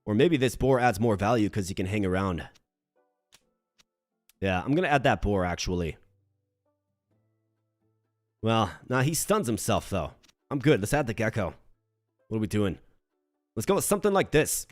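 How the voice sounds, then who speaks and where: A man from Minnesota streaming a game, chatting with his viewers and thinking his moves through out loud. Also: moderate pace, pauses often, dry recording, faint music behind. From Minnesota, United States. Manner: animated when greeting chat, low and muttering while planning moves. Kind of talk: live-streamed game commentary.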